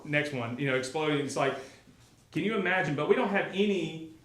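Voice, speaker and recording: A man's voice: fairly high pitch, lively intonation, moderate pace, a bit bright. A man teaching a Bible class in a casual, conversational way, often asking the class questions. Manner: conversational, asks the class questions, many fillers. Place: classroom or church hall. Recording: echoey room.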